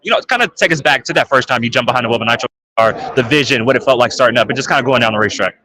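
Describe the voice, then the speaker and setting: A man's voice: mid-range voice, very fast, pushed and bright. A man hosting a live interview and asking a racer about his first runs. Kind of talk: live trade show interview.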